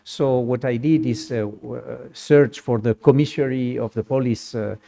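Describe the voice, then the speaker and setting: A man recounts a personal anecdote in slow, halting, non-native English, with small grammar slips along the way. His voice is mellow and dark. He tells it in a lively way and laughs easily. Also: medium pitch, vocal fry. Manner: lively storyteller who laughs often.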